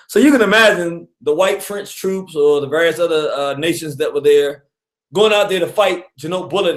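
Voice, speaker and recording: A man hosting a casual radio talk on history, an animated storyteller who chuckles often and acts out quotes. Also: high voice, roomy sound. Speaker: radio show host.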